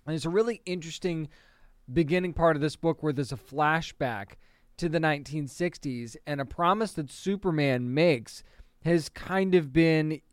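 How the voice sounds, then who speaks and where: An eager man talking through comic books in a casual, chatty way, stumbling over words now and then. His voice is smooth and clear, sits a bit higher than most men's, and is recorded close and dry with no room sound. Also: dry recording. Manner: enthusiastic, chatty, with restarts and small laughs. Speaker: comic book reviewer. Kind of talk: casual review monologue.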